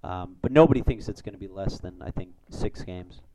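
A man hosting a casual sports podcast, rambling through stats and getting excited over big plays. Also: deep voice, fairly quick, background noise. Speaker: podcast host.

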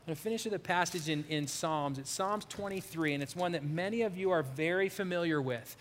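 Male pastor, high-pitched, preaching in a reverberant hall; animated, dropping to soft prayerful tones. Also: fairly quick, slight background noise. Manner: animated, swings from loud to hushed. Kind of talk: sermon.

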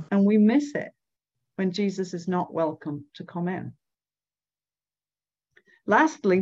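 A woman giving devotional Bible teaching, reading scripture aloud and explaining it slowly. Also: medium pitch, a little mellow, muffled recording. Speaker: speaker at a church gathering.

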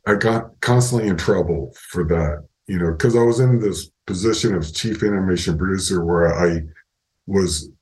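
Older man telling animated work stories. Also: low-pitched, poor audio. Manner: animated anecdotes, acts out quoted voices, laughs often. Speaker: interview guest, animatronics animator. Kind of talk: casual storytelling interview.

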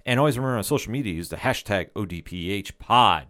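A man hosting a sports podcast, energetic and amped up, talking loudly about the show and the week in sports. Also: fairly low pitch, quick pace. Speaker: podcast host.

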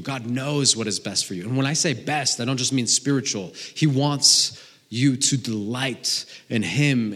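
A man in his thirties preaching a sermon, earnest, swinging between emphatic stretches and hushed ones, often repeating a word as he restarts. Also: medium pitch. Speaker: pastor. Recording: long reverb of a large hall.

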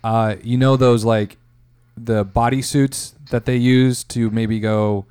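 A man's voice: mid-range voice, fairly even intonation, slow, darkish tone, smooth. A man co-hosting a casual comedy chat, laid-back, laughing often and playing along with the jokes.

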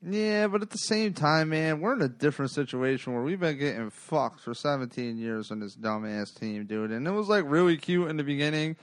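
A man hosting a sports podcast, talking in a rambling, profane, animated way. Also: fairly high pitch, a little fast, hardly any pauses, no echo, studio quality. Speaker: podcast host. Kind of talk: casual sports podcast chat.

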